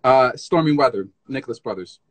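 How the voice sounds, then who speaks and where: A man as guest in a casual live interview, an animated storyteller who scats rhythms and restarts often, on a phone stream. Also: medium pitch, brisk, no echo. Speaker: guest tap dancer.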